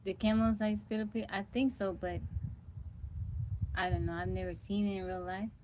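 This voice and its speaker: A woman's voice: medium pitch, fairly even intonation, normal speed, a little mellow, a little hiss or hum. A middle-aged woman hosting a casual livestream, chatting to viewers by name while sounding tired and weak, on a phone mic at home. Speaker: livestream host.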